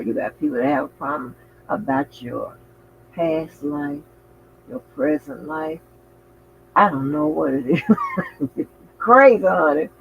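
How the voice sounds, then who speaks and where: A man hosting a casual livestream, talking in an animated, outspoken way with frequent swearing and exclamations. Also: a little high, vocal fry, muffled recording, slight background noise. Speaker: channel host.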